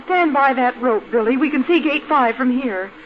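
A woman's voice: high-pitched, normal speed, close to an everyday voice. An actress as a tender, anxious young mother. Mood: soothing. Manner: tender, breathless, rising to tearful calls. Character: anxious young mother awaiting her soldier husband. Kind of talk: 1950s radio drama acting. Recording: dull radio recording with music.

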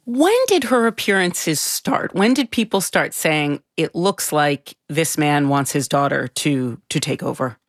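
A woman's voice: low-pitched, unhurried, few pauses, no room sound, clean studio sound. A woman host asking questions and giving brief, attentive prompts. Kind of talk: interview questions.

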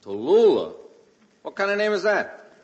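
A man's voice: fairly high pitch, animated, fairly quick, reverberant, dull audio. A man from Brooklyn with a Brooklyn accent, telling a wisecracking stand-up monologue on stage. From Brooklyn, New York. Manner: wisecracking storyteller who shouts fans' lines. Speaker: stand-up comedian. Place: stage before a live audience.

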